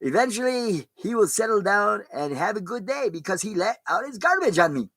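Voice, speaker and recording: A pastor talks to his viewers in a loose, rambling sermon, cursing mildly now and then. His voice is gravelly and bright, a little higher than most men's. It sounds close and dry. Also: very animated, normal speed, no echo, low-quality recording. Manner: rambling, plain-spoken, mild cursing. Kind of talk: casual streamed sermon talk.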